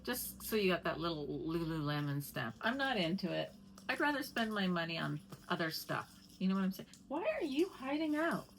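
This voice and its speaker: A woman's voice: on the low side, expressive, fairly quick, vocal fry, fairly bright tone, slight background noise, rough recording. Chatty middle-aged woman vlogging at home. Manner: chatty, rambling, talks to her cat. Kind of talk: casual chat to camera.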